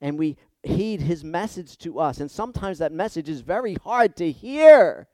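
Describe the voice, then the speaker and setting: Male preacher, high voice, passionate sermon delivery with stumbling repeats; dry recording. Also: animated, normal speed, no echo. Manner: impassioned, swinging from hushed to loud and emphatic; repeats words when stirred.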